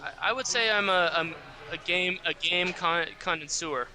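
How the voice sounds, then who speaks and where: A man with a slightly higher voice and a bright, forceful tone. He answers questions as a podcast guest, hesitating often and leaning on fillers. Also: moderate pace. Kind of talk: casual interview answers.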